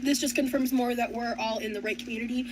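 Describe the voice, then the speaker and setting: A woman vlogger chatting casually to viewers while unboxing gifts, blunt and quick to swear. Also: on the high side, steady tone, noisy background.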